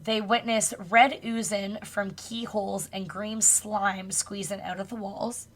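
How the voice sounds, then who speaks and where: A woman's voice: mid-range voice, level tone, a little slow. A woman co-hosting a podcast, casually retelling a spooky true story with loose swearing and laughs. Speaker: podcast co-host.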